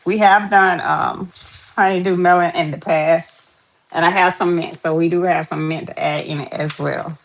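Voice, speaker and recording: A woman's voice: lowish voice, steady tone, normal speed, a little hiss or hum. A woman hosting a casual live stream, chatty and greeting viewers over and over. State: out of breath.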